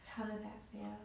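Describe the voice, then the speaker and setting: With a medium-pitched voice marked by vocal fry, a woman acting as a voice therapist walks a client through breathing and vocal exercises step by step. She is encouraging and praises each attempt often, and the far-off mic picks up room echo and background noise.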